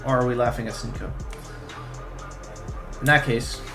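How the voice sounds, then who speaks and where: A man's voice: mid-range voice, steady tone, moderate pace, over music. Young guy ranting on stream, swears a lot, sarcastic, echoey room. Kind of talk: casual live-stream commentary. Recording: roomy echo.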